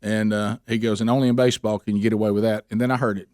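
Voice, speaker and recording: A man's voice: on the low side, level tone, very fast, a little mellow, no room sound, clean studio sound. Chuckling man telling stories. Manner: rambling, chuckling anecdotes with quoted voices. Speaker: radio show host. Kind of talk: casual storytelling chat.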